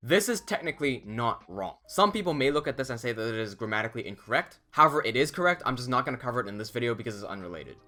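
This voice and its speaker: A man narrating a scripted language lesson, speaking in a measured, deliberate way and stressing key words, with faint music behind. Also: mid-range voice, big pitch swings, pushed and bright. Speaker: language teacher.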